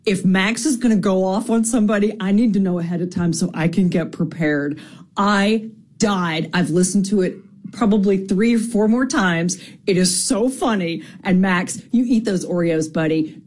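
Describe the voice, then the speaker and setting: A woman, a nurse, calling in to a talk show to tell an excited story. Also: mid-range voice, moderate pace. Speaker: caller, a nurse. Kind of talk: excited voice message.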